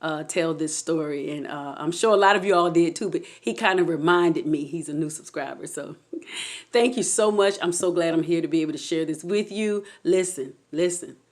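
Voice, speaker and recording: A woman telling her own near-death story to her viewers in an animated, excitable way, speaking straight to them with faith and feeling. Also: low-pitched, normal speed. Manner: testimonial, faith-filled. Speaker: channel host telling a personal story. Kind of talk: emotional personal storytelling.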